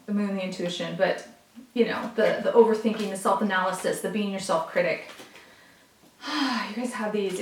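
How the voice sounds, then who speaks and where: A woman reads tarot in a casual, chatty way and talks straight to her viewers. She gets excited as she goes. Her voice sits back from the mic and the room sounds roomy. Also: medium pitch. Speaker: tarot reader. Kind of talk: casual tarot reading to camera. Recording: roomy, from a distance.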